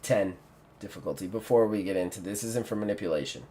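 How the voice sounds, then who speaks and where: A man running a tabletop game as game master, narrating in an animated way with casual swearing. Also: lowish voice, fast talker, slight background noise.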